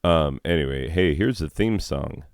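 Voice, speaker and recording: A man's voice: a bass voice, expressive, unhurried. A man hosting a casual vlog outdoors in a forest, rambling with jokey, sarcastic asides. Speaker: host.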